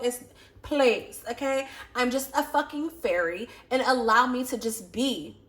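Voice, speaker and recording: A woman doing a casual tarot reading, telling a frantic story full of swearing. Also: fairly bright tone. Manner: low murmured prayer. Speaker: tarot reader.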